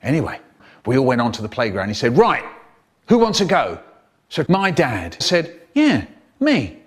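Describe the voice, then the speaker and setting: Animated, playful male storyteller. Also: medium pitch, normal speed, husky. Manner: animated, playful vocal effects and sudden squeals. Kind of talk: comic storytelling, chopped into a remix.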